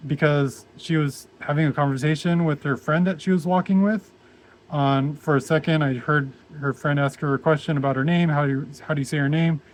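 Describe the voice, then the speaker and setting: A young man telling a personal story in a casual vlog, rambling and halting with many restarts. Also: fairly high pitch. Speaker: vlogger.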